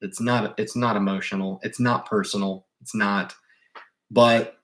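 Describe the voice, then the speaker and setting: A man with a fairly low voice hosting an investing livestream. He talks in a casual, rambling way, stumbling and restarting phrases, and presses his advice on viewers insistently. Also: fairly even intonation, measured pace, a bit bright. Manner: rambling, emphatic, with repeated restarts. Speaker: investing channel host.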